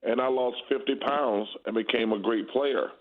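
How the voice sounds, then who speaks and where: A man's voice: medium pitch, steady tone, normal speed. Blunt man in his fifties, phone line. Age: 50s. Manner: blunt, candid, emphatic. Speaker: guest basketball analyst. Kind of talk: casual sports talk. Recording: tinny phone-line audio.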